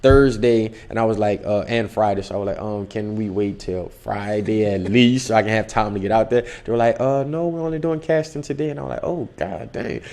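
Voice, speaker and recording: Lower-voiced young man telling a story. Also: fairly quick, hardly any pauses. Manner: animated, acts out dialogue in the story. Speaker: actor guest. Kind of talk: casual storytelling interview.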